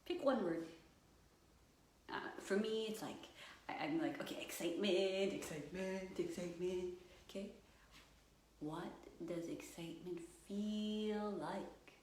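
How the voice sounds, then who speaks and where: A woman yoga and meditation coach guiding a live session, slow and soothing, with playful acted-out voices. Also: medium pitch, darkish tone. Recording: echoey room, distant mic, faint noise.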